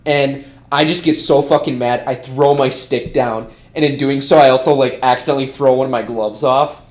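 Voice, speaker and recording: A man's voice: medium pitch, steady tone, normal speed. A man co-hosting a podcast, telling a story in a rambling, casual way, full of "like" and frequent swearing. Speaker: podcast co-host. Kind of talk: casual storytelling among friends.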